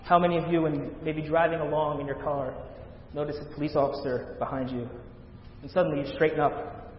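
A male pastor preaching a sermon, rising loud on scripture readings and dropping to a hush at the ends of points. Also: little pitch movement, brisk, slight background noise. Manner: dramatic swells of volume on scripture, hushed low endings. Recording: echoey hall, dull lo-fi sound.

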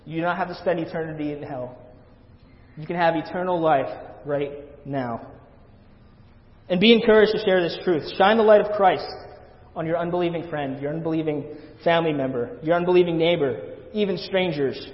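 A man preaching a sermon in a church, earnest and pleading, repeating his phrases for emphasis. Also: on the high side. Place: church sanctuary. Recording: echoey church hall, dull lo-fi sound.

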